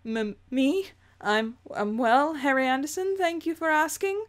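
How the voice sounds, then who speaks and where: A woman's voice: sits high, a little slow. A woman doing a stammering timid alien boy. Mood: nervous. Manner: stuttering, hesitant, nervous.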